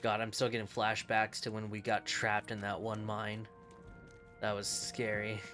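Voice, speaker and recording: A man's voice: on the low side, completely flat delivery, normal speed, bright, forceful tone, faint music behind. Laughing casual game streamer man. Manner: chatty, laughing, swears casually. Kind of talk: casual gameplay commentary.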